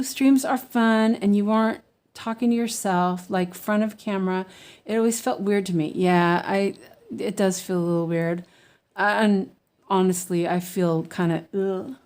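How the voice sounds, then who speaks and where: Female crafter on a casual livestream; unhurried, meandering delivery with slight lisp. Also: mid-range voice, a little mellow. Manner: rambling, many fillers and restarts. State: slightly lispy from medicine. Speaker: cross-stitch livestreamer. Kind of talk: casual livestream chat while stitching.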